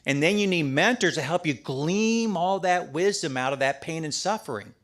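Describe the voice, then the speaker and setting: A middle-aged priest giving a talk at a men's prayer breakfast, in a folksy, emphatic conversational sermon. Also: male voice, a little high, animated, moderate pace, fairly bright tone. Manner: folksy and emphatic, with restarts and asides.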